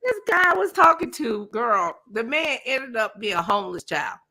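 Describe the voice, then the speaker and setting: A woman hosting a casual gossip chat, telling a story loudly and dramatically and acting out what people said. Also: a little high, sing-song, moderate pace. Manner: loud, dramatic storytelling with laughs and acted-out quotes. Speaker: host. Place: Las Vegas area, at home.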